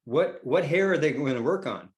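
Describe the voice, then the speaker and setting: A man's voice: fairly high pitch, animated, normal speed. A man hosting a casual video call, upbeat as he organizes guests before the show. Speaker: host.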